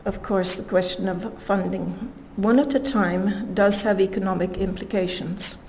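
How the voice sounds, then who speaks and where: A woman delivering a scientific lecture at a conference, her voice pitched in the middle range. She speaks in a measured way and leans into the quotes she reads out. A faint noise sits under the recording. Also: fairly even intonation, a little mellow, low-quality recording.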